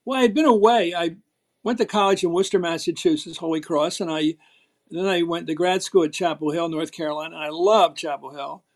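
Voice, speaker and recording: A man's voice: a little high, steady tone, fairly quick. Emphatic older man with a Philadelphia accent. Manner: emphatic, storytelling, acts out quotes. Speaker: guest, former TV political host. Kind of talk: animated interview talk.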